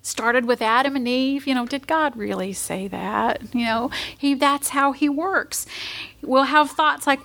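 A woman's voice: high-pitched, unhurried, creaky, a bit bright. A woman giving a sermon, earnest and emotional, at times dropping to a near whisper and tearful. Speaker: pastor's wife preaching.

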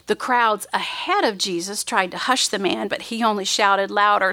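A woman's voice: mid-range voice, animated, measured pace, few pauses, bright, forceful tone, no echo. A woman preaching a sermon, retelling a Bible story in an earnest, emphatic way and raising her voice for quoted cries.

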